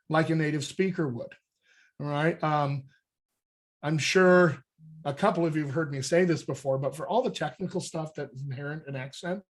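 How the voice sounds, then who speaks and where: A man from the United States who coaches voice and dialect, explaining accent technique in an energetic, conversational way and checking in with "all right?". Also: fairly high pitch. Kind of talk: coaching talk on a group call.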